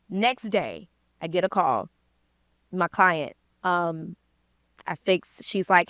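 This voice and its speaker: A woman's voice: lowish voice, measured pace, no echo. A woman guest in an interview, telling a story in casual slang and acting out the people in it. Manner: lively storyteller, slangy, acts out quoted people. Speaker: interview guest, credit repair coach.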